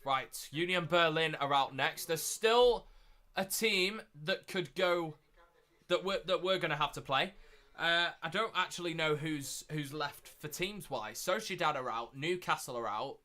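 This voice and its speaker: A young man hosting a live watchalong stream, chatting casually and repeating himself, getting loud and excited at big moments. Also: on the high side, unhurried. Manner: excitable, repeats phrases, shouts when thrilled.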